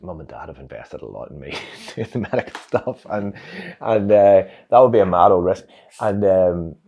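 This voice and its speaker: A Northern Irish man, an interview guest, telling a personal story in a reflective, animated way with many fillers. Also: very deep voice, breathy edge. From Northern Ireland.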